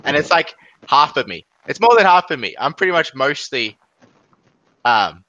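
Young aussie guy, bright forceful voice, rambly casual podcast chat. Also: fairly high pitch, sing-song, normal speed, lo-fi sound. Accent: Australian. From Australia. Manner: rambling, laughs often, many fillers. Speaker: podcast co-host.

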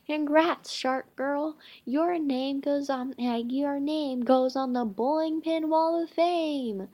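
A loud, showy man in a bowling-pin costume bellows his calls down the lanes in a high, drawn-out announcer's voice, as a woman reading a storybook puts him on. Every shout is stretched for the crowd. The voice stays bright and lifted. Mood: showy cheering.

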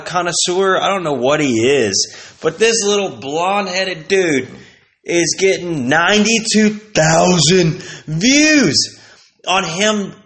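Vlogger, male, casual rambling rant, heavy swearing, slightly high voice. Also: a bit bright. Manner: profane, exasperated, rambling. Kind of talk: casual ranting monologue.

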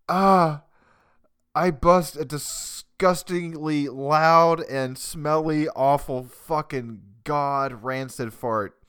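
A man's voice: a little high, drawn-out words, fairly bright tone, clear, resonant tone. A man hosting a casual podcast from his basement, rambling profanely and mocking himself. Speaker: podcast host. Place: home basement. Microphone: cheap desktop USB mic.

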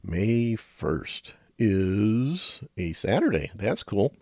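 A man's voice: fairly low pitch, sing-song, very slow, a little mellow, no room sound, studio quality. A middle-aged man hosting a radio talk show, rambling in a folksy way with chuckles and muttered asides.

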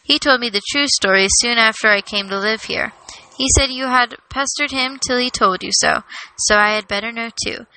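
A woman voicing an earnest, excitable young male hobbit with eager, rising exclamations. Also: fairly high pitch, normal speed, slight background noise, poor audio.

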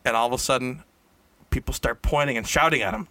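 A man spins an improvised comic tale in a loose, rambling way, stopping to fix his own words and chuckling along. His voice is bright and ringing, and the sound is close and dry with no room echo. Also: medium pitch, fast. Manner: rambling, self-correcting, laughs at own jokes. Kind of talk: casual improvised comic storytelling. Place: indoor room shared with a co-host.

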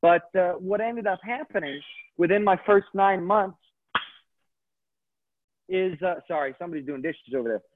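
A man's voice: sits high, moderate pace, long pauses. A man in his thirties, a comedian, telling his story in a chatty, digressive way and often correcting himself. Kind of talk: casual storytelling interview. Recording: tinny phone-like line, dry.

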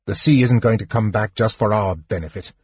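Male reader as a gruff, sardonic half-elf, low and husky. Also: fairly quick, a little mellow, dry recording. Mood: curt. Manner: sardonic, irritable. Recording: dull dry recording.

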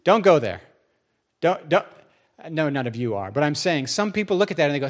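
A man preaching a sermon as pastor, telling stories in a lively way and jumping into other people's voices. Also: a little fast. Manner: lively storytelling, jumps into high voices for quotes.

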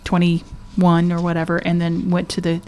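A woman's voice: fairly low pitch, completely flat delivery, normal speed, darkish tone. A woman co-hosts a casual faith podcast in a mid-range voice. She speaks earnestly and often restarts her sentences as she shares. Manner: earnest, restarts often, reads story aloud. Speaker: podcast co-host.

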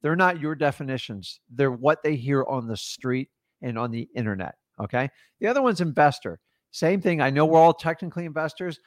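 A man's voice: mid-range voice, dry recording, studio quality. A man coaching beginners in real estate wholesaling in a casual live talk, emphatic and often checking in with "okay?". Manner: acts out sellers' and his own lines in quotes.

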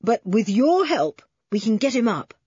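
A woman's voice: fairly high pitch, big pitch swings, moderate pace, darkish tone, breathy edge, no room sound, lo-fi sound, full character voice. A woman voicing a brave young man, a pilot, speaking steadily and practically.

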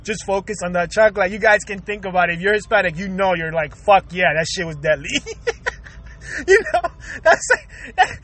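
Profane, laughing male podcaster, very high and bright voice, casual comic storyteller. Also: moderate pace. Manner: profane, laughs constantly, animated and emphatic. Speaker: podcaster recalling his own episode.

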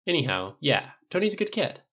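A man's voice: a little high, sing-song, a little fast, fairly bright tone, highs cut off, pitched above the performer's own voice. A man voicing a cocky, quippy billionaire superhero in an audiobook, speaking in teasing banter.

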